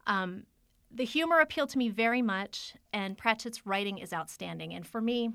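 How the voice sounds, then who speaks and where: A woman's voice: mid-range voice, moderate pace, gravelly, a bit bright, smooth, no room sound. A woman co-hosting a casual book discussion, chatty and self-deprecating, laughing often. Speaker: podcast co-host.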